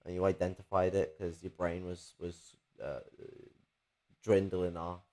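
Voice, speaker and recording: A man's voice: low voice, level tone, measured pace, darkish tone. A man in casual political chat, ranting and cursing with sarcastic jabs.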